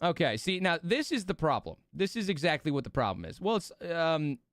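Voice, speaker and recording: A man's voice: fairly high pitch, a little fast, no echo, studio quality. A man hosting a casual live-stream watch party, rambling and swearing freely as he chats with his audience, sleepy and yawning. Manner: rambling, profane and animated.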